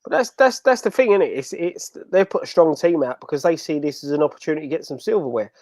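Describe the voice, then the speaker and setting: High-pitched bloke, chatty and dry-sounding, calling in over video from home. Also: male voice, animated, fast, darkish tone, dry recording. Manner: chatty, repeats himself as he talks. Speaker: regular panelist. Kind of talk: casual chat. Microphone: video call from home.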